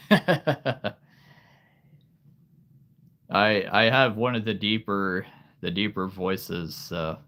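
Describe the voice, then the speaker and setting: A man's voice: on the low side, very slow, long pauses, fairly bright tone. Easygoing man chatting on a live stream. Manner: laughs often, easygoing, reads and answers chat. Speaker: livestream host. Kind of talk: casual chat with live viewers.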